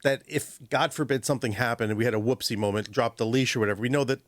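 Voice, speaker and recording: Animated man giving dog-training advice. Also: mid-range voice, no echo. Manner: animated, acts out dogs and owners in quick voices. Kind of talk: radio call-in advice. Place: radio studio. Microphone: studio microphone.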